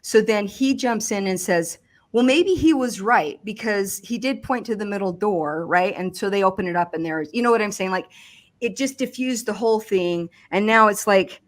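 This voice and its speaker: A woman recounting a personal experience in conversation, speaking haltingly with frequent restarts and fillers. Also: medium pitch. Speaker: survivor giving testimony.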